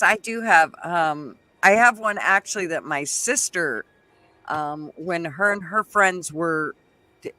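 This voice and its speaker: An older man with a high, bright voice, talking in a loose, chatty way. He laughs easily and tells stories in a rambling, casual style, recorded dry and close. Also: no room sound. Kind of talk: casual chat, storytelling.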